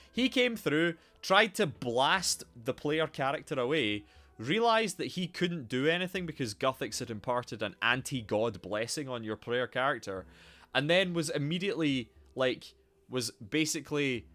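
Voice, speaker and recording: A man's voice: mid-range voice, a bit bright. A man streaming a game live, commenting casually in a rambling, sweary way.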